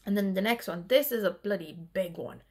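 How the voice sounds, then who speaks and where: Chatty woman with a gravelly voice. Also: mid-range voice, lively intonation, brisk, a little mellow. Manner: rambling, chatty, laughs often. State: tired. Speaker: cross-stitch vlogger. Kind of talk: casual chat.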